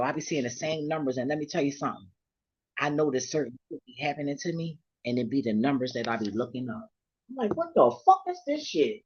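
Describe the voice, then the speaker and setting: A woman vlogger telling a story to her viewers in a casual, profane rant, laughing often and swinging from low murmurs to near shouts. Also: highs cut off.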